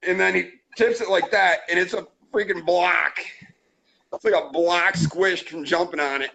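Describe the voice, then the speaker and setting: A man's voice: sits high, steady tone, moderate pace, gravelly, pushed and bright, slight background noise, rough recording. A man hosting a trapping channel, telling crude, joking stories in a rowdy, casual way. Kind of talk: casual storytelling.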